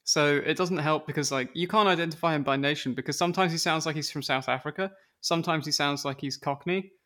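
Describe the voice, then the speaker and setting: Dude, a bit high-voiced, rambly podcast banter. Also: male voice, quick pace, bright, forceful tone. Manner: laughing easily, loose and rambling. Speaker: podcast co-host. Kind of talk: comedic show recap chat.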